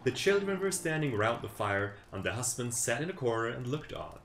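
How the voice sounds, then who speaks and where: A man's voice: medium pitch, big pitch swings, fairly quick, a bit bright, a little hiss or hum. A young man reading a folk tale aloud on a stream, with playful, sarcastic asides. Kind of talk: casual storytime read-aloud with joking asides. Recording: roomy echo with faint ambience.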